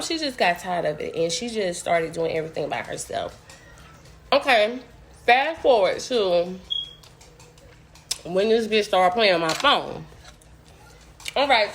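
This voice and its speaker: A young woman tells a story for her vlog in a loose, casual way between bites of food. She is blunt and curses freely. Her voice sits at an everyday middle pitch, and a faint hiss runs underneath. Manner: blunt, profane, animated storytelling. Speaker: vlogger. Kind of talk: casual storytime while eating.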